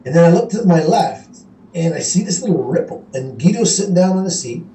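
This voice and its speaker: A man from Canada, a guest telling fishing stories in a casual, animated way and laughing as he goes. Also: sits high, brisk. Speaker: guest angler. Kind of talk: casual storytelling. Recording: echoey room, voice from a distance, faint hiss.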